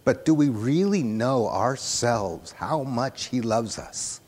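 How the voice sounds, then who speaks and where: A man preaching a sermon, soft-spoken and earnest, repeating phrases for emphasis, into a microphone on a church sound system. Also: mid-range voice, animated, takes it slowly. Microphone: handheld or stand microphone on a PA. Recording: long hall reverb.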